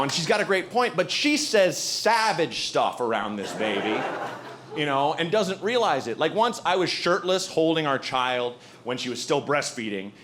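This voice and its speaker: A man performing a stand-up set, telling animated stories and acting out other people's voices on a handheld stage mic. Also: medium pitch. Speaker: stand-up comedian. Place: comedy stage with audience. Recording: live show with audible background noise.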